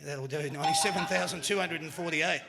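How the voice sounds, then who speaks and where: At a live venue with heavy background noise, an Australian host keeps a panel-show quiz upbeat and full of jokes. He speaks quickly in a gravelly, slightly high voice.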